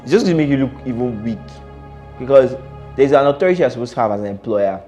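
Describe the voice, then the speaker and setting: A man's voice: mid-range voice, expressive, fast, mellow. Guy reacting to a video, blunt and laughy, keeps repeating himself, bit of music behind.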